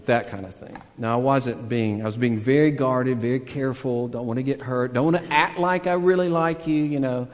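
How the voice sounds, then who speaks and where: A male pastor delivering a sermon at a middle pitch, with a long reverb trailing each phrase as in a big church sanctuary. He talks in an earnest, conversational way, telling stories with self-deprecating asides, then climbs into loud, emphatic peaks before sinking back to a near hush. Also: fairly even intonation, normal speed, hardly any pauses.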